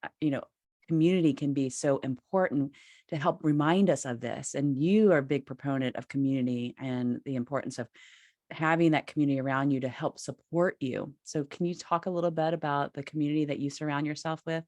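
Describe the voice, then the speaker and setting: A woman's voice: low voice, steady tone, brisk, a little mellow, no echo. A woman hosting an interview show, chatting casually and encouraging her guest in a conversational way. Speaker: podcast host.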